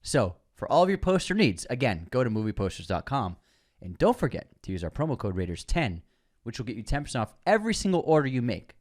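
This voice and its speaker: Lively man doing a sponsor read. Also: medium pitch, fast talker. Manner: animated, emphatic, upbeat sponsor read. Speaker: podcast co-host. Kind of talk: casual chat and sponsor read.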